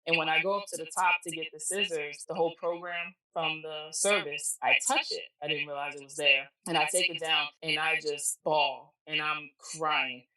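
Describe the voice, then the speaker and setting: A woman's voice: sits low, normal speed, hardly any pauses. A middle-aged woman telling a personal story as a podcast guest, blunt and emphatic, acting out the voices of people she quotes. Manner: animated, acts out quoted dialogue, emphatic and blunt. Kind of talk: emotional personal storytelling in casual chat. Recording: echoey room, distant mic.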